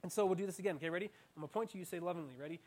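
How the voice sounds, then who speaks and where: A young man preaching an interactive sermon, animated and playful, with self-mocking asides. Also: high-pitched, very fast. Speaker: student preacher.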